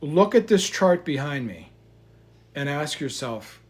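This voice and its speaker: A man giving heated, profane market commentary, swinging between loud outbursts and quiet asides. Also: fairly high pitch, big pitch swings, slow pace. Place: indoors in front of a chart.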